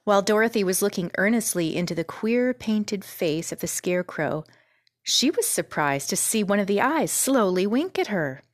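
Calm woman reading a storybook. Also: mid-range voice, moderate pace, no echo, clean studio sound. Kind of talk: scripted narration of a children's book.

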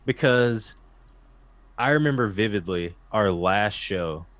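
Male guest, lowish voice, dry close sound, eager slang-heavy talker. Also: takes it slowly, dry recording. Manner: excitable, slangy, heavy use of "like". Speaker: guest musician. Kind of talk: casual chat.

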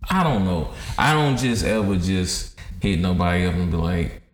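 Man, lowish voice, reflective slangy podcast talk, roomy echo. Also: expressive, moderate pace. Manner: reflective, slangy, says "bro" a lot. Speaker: podcast co-host. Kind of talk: casual chat. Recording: echoey room with faint noise.

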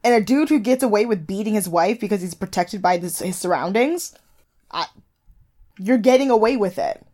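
Chatty young woman podcast co-host. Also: normal speed. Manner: animated, laughs often, jumps to high squeals when mimicking. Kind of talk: casual chat.

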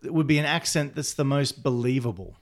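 A man's voice: mid-range voice, expressive, a little fast. A man hosting a casual chat, rambling and enthusiastic, often laughing as he talks.

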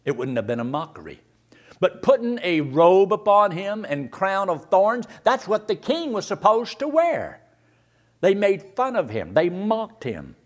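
A man's voice: sits high, big pitch swings, measured pace. A man preaching a sermon, firing rhetorical questions and reading scripture aloud.

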